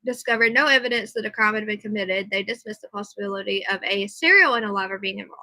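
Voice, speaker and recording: A woman live streaming from her computer, reading a news report aloud and chatting with viewers in animated asides. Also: mid-range voice, fast talker, dry recording, poor audio. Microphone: computer mic, earbud in for monitoring.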